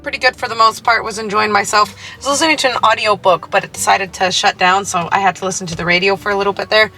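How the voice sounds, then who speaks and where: Chatty excitable woman travel vlogger. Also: mid-range voice, quick pace, soft background music. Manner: chatty and easily excited, thinks out loud. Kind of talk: casual vlog chat to camera.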